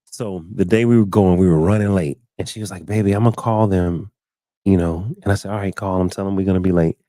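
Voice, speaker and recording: On a live stream, a thirty-something show host briskly recounts something personal, playing out quotes with big, sudden pitch jumps in animated, casual style. A studio mic captures it at studio quality with no echo.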